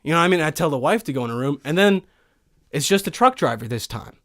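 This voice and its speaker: A young man hosting a podcast from a studio, telling a profane, animated comic rant full of swearing. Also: fairly high pitch, fast talker. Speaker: podcast host.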